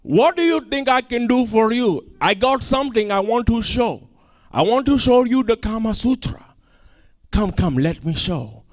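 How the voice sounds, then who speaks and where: A man voicing a smooth, pushy male marriage counselor in a stand-up bit, coaxing and insistent. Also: high-pitched, lively intonation, a little slow, hardly any pauses.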